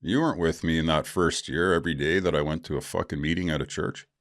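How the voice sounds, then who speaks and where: A man's voice: very deep voice, steady tone, fast, dry recording, studio quality. A middle-aged man hosting his own podcast, talking candidly in a rambling, casual way, with frequent swearing and fillers. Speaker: podcast host. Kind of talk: casual solo podcast talk.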